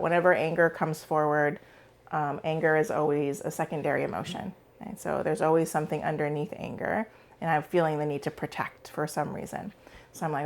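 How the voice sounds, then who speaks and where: A woman's voice: deep voice, steady tone, fairly quick. A woman in her forties, a psychologist guest, telling a personal story in a casual interview with many fillers.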